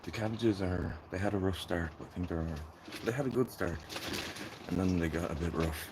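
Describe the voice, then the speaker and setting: A man's voice: low voice, a little fast, background noise. A man with a Dublin accent hosting a gardening live stream, chatting and rambling to his viewers while he sows seeds. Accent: Dublin Irish. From Ireland. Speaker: gardening channel host. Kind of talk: casual live-stream chat.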